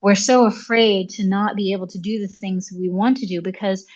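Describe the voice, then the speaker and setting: A woman's voice: medium pitch, normal speed. Chatty woman telling a personal story, lo-fi. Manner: animated, uses many fillers like "like" and "you know". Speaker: podcast guest.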